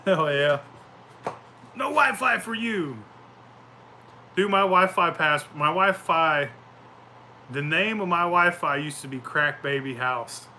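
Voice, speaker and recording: A man's voice: a little high, unhurried, bright, forceful tone, a little hiss or hum. A man chatting casually outdoors at home, telling rambling, profane stories and laughing often. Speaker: vlogger. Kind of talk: casual chat.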